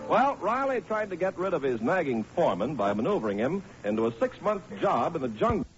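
A man announcing in a smooth, measured style for a 1940s radio sitcom. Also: a little high, big pitch swings. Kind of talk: scripted radio narration. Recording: muffled old radio broadcast with faint music.

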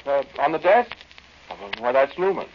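A man's voice: fairly high pitch, very animated, normal speed. An actor playing a timid, flustered man who stammers nervously, in old-time radio drama style, on a dull lo-fi recording with faint hiss.

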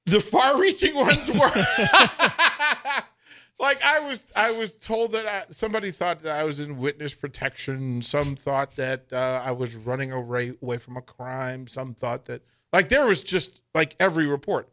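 A man's voice: a little high, a little slow, bright, forceful tone. A man hosting a sports radio show, telling a story in a casual chat, laughing often and using casual slang as he acts out quotes.

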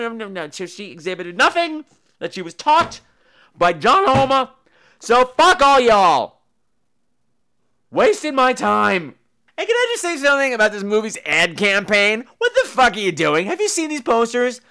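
A man with a high, bright, crisp voice who tears into films on his podcast. He rants with sarcasm and heavy swearing, swinging his pitch all over the place as he mocks the actors. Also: big pitch swings, normal speed. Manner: sarcastic, swears freely, mimics people. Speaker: podcast host reviewing films. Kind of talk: profane comedic rant.

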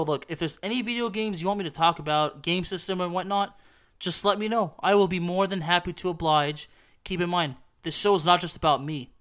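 Hoarse man rambling about games. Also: a little high, fairly bright tone. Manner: rambling, with many "you know" fillers. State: hoarse and coughing while recovering. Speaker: podcast host. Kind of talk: casual solo talk about video games.

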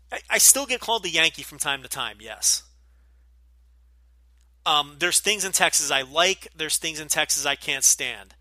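A man's voice: on the high side, bright, forceful tone, no echo. A middle-aged man with a light New Jersey accent, hosting a casual Q&A podcast, talking bluntly with lots of profanity and fillers. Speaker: podcast host.

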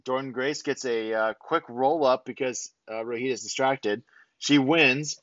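Lively man recapping wrestling. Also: mid-range voice, unhurried, dry recording, highs cut off. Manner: animated recapping, acts out quotes. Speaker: wrestling podcast co-host. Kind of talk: casual chat.

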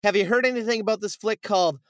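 A man co-hosting a casual podcast, retelling a movie with animated, swearing storytelling. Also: high voice, quick pace, smooth, no echo, studio quality. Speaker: podcast co-host. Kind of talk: casual chat.

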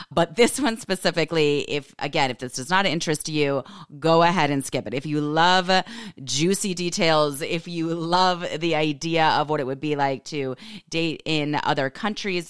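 A woman in her forties hosting her podcast from a home office, talking in a candid, chatty way. Her usual pitch sits low, but she leaps up into high, excited exclamations. The sound is close and dry, with no room echo. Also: clear, resonant tone. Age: 40s. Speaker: podcast host. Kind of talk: casual chat.

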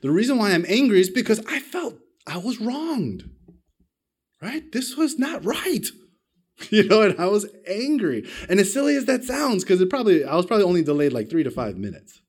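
Animated higher-voiced male preacher. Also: fast talker, breathy edge. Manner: animated storytelling, big swings in pitch and loudness; self-deprecating, asks the congregation questions. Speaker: pastor. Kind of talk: sermon with personal story.

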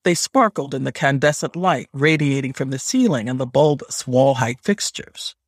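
A man narrating a first-person fantasy story in a measured, scripted audiobook reading. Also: medium pitch, no room sound, clean studio sound.

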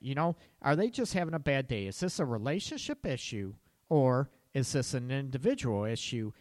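A counselor talking straight to his listeners in a blunt, cursing way, with sharp emphasis on key words. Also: on the high side, dry recording, clean studio sound. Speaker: relationship counselor. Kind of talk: casual advice monologue.

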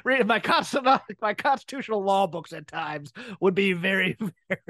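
A man's voice: high-pitched, animated, moderate pace, bright, forceful tone, dry recording. Jokey rambling male podcast host. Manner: jokey, rambling, laughs often. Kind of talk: casual chat.

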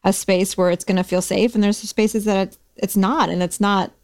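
A woman hosts a podcast conversation, speaking casually with plenty of fillers. Her pitch sits in the middle range, and she sounds compassionate and conversational as she responds to her guest. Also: steady tone, normal speed. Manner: warm, compassionate, chatty with many fillers. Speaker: podcast host.

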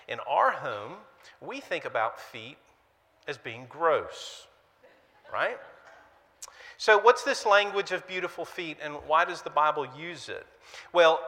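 A man preaching a sermon and leading prayer as pastor, with emphatic rhetorical questions and pauses. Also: on the high side, bright, forceful tone, in a large hall.

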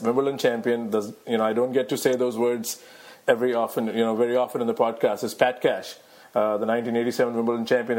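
A man from India hosting a podcast interview, eager and halting, with many fillers. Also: mid-range voice, darkish tone. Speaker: podcast host. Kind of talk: interview questions.

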